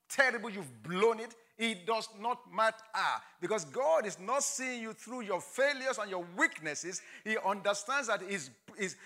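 A man's voice: high-pitched, bright, forceful tone. A man preaching a sermon with impassioned delivery and accented English, acting out Bible voices as he goes. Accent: non-native English. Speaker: pastor.

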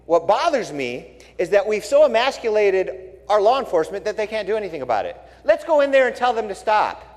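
A man's voice: high-pitched, brisk. A male pastor giving a sermon, telling stories bluntly and with wry asides. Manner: blunt, wry, animated storytelling. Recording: long reverb in a large hall.

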